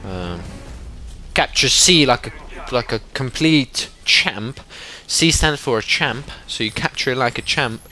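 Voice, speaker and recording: A young man giving excitable live commentary over a shooter game, sometimes swearing at it. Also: mid-range voice, a little slow, soft background music. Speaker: gaming commentator.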